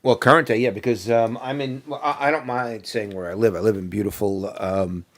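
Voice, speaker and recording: A man's voice: lowish voice, fairly even intonation, brisk. A man with a New Jersey accent co-hosting a casual show, joking and slipping into mock voices. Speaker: co-host. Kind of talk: casual podcast banter.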